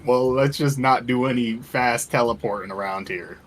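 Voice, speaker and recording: A man's voice: mid-range voice, normal speed, soft background music. A man playing a tabletop game, partly in character, polite and laughing often. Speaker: player.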